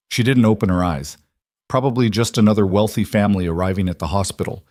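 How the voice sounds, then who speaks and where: A man narrating a scripted story in a steady, somber way, close to the mic. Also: on the low side, no echo.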